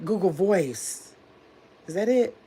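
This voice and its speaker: Woman livestream host, casual and chatty, a bit sick, mid-pitch voice, works the chat while fumbling with her phone. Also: lively intonation, takes it slowly, mellow, husky. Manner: chatty, distracted, talks to the chat as "y'all". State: recovering from illness. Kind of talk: casual live chat reading comments.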